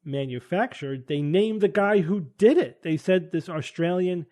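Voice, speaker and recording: A man leads a casual podcast panel, working through an idea out loud. His voice sits slightly high for a man, and he hedges and restarts often as he reasons. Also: measured pace. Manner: thinking aloud, hedging, frequent restarts. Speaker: podcast host.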